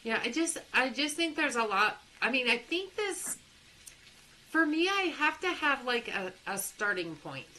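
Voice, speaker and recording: A woman's voice: high voice, very animated, a little slow, pushed and bright, a little hiss or hum, rough recording. A young woman with a Texas accent, chatting animatedly as she hosts a live game stream and laughs often.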